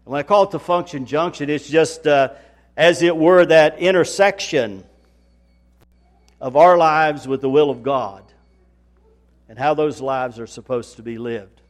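A man preaching a sermon in a folksy manner, building to loud, emphatic repetition. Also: on the high side, measured pace, pauses often. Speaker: pastor.

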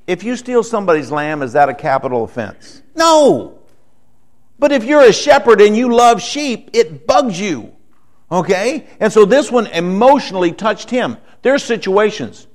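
A man's voice: high voice, big pitch swings, unhurried. Man preaching with frequent rhetorical questions. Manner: conversational preaching, asks the room "okay?" often, swings between quiet and emphatic. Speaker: pastor. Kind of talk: sermon.

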